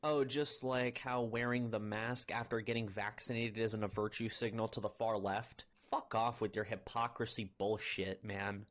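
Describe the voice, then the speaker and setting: A man's voice: on the low side, flat delivery, normal speed, hardly any pauses, a bit bright. Mocking man ranting in a clip. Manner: mocking, profane, reads a title aloud scornfully. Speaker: critic YouTuber in a played clip. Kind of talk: mocking commentary.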